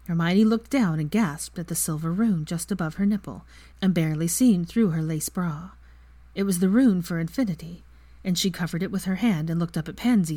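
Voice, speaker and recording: A woman narrating fan fiction with an expressive reading. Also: fairly low pitch, a little fast, dry recording. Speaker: fanfiction reader. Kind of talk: storybook narration.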